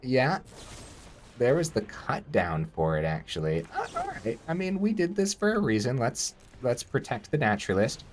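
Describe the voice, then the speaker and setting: A man giving casual gameplay commentary, thinking aloud and breaking into excited outbursts. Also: medium pitch, moderate pace, music in the background.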